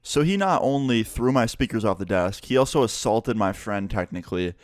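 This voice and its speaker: A young man telling a story in a casual, profane and animated vlog style. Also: fairly low pitch, a little fast, no echo, clean studio sound. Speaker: vlogger and musician.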